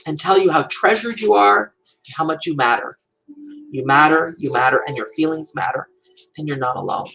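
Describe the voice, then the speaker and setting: Gentle, gravelly-voiced woman soothing viewers. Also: deep voice, expressive, normal speed, lo-fi sound, over music. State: emotional. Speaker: host of a live stream. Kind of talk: heartfelt live-stream message.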